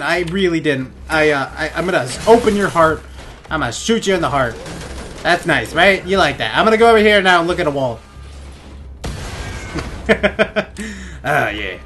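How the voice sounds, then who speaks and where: A young man giving crude, goofy gameplay commentary on a headset in his bedroom, often laughing and yelling out suddenly. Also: a little high, expressive, normal speed, slight background noise. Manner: goofy, giggly, crude jokes, sudden loud outbursts. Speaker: gaming let's play host.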